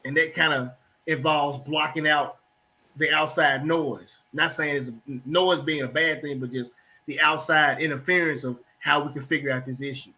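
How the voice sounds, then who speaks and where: Bright-voiced man explaining things earnestly. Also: fairly high pitch, fairly even intonation, normal speed. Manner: earnest, explains with acted-out everyday exchanges. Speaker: host. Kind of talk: casual panel talk.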